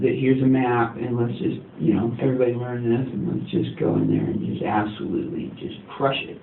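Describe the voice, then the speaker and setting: Gravelly, laid-back musician guy. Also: mid-range voice. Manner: rambling, laid-back, many fillers. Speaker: musician guest. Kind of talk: casual interview chat. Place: recording studio. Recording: tinny, echoey, distant, faint hiss.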